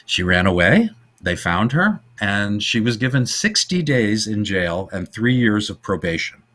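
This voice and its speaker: A man co-hosting a podcast and telling film stories in casual chat. His pitch rises and falls a lot, his voice sits fairly low, and it has a husky edge. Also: a little slow. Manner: animated storytelling, trivia-laden. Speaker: podcast co-host.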